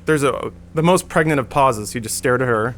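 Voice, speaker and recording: A man with a mid-range voice tells a long story on a podcast in a relaxed, conversational way. He is animated and keeps slipping into the voices of the people he describes. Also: medium pitch, normal speed, slight background noise. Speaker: podcast regular. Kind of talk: casual anecdote storytelling.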